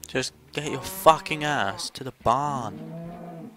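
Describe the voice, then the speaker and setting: A man's voice: a little high, takes it slowly, sharp tone. A young man swearing his way through casual gameplay commentary, jumpy and given to sudden screams.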